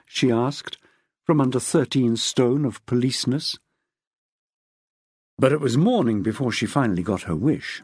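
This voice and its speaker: A woman narrating a crime novel in a measured, expressive reading. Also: rumbling low, husky, dry recording, studio quality. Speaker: audiobook narrator. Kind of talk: scripted narration.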